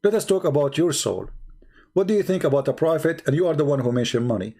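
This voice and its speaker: A man's voice: fairly high pitch, very fast, a little mellow, husky. A man hosting a livestream, mocking and taunting a critic with repeated rhetorical questions as he talks to viewers. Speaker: online debate host. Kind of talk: livestream commentary addressing viewers.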